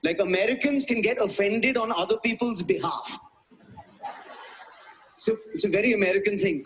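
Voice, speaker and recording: An Indian stand-up comedian with an Indian English accent performs a wry, self-mocking set on stage for a live audience, punchy and full of put-on voices. His voice sits high with a fairly bright tone, moderate pace, and long pauses, and there's slight background noise.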